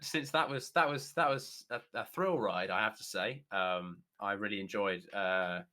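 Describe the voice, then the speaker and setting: A man's voice: lowish voice, moderate pace, sharp tone. A man co-hosting a comedy podcast in a playful, mock-pompous, joking way. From England. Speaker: podcast co-host. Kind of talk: casual podcast chat.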